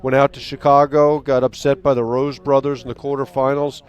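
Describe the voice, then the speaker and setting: A man doing sports commentary, recounting a team's recent results in a measured way. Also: medium pitch, little pitch movement, lo-fi sound. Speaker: play-by-play commentator.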